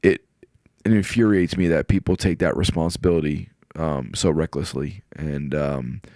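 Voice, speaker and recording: A man's voice: very deep voice, moderate pace, a little mellow, no echo, clean studio sound. A middle-aged man, a podcast guest, telling personal stories in casual chat with an earnest, emotional manner. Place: podcast studio.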